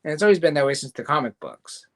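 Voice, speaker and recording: A man's voice: fairly high pitch, lively intonation, quick pace, creaky. A man hosting a casual show, recapping a cartoon episode in a loose, rambling way. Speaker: show host reviewing a cartoon series. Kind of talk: casual review chat.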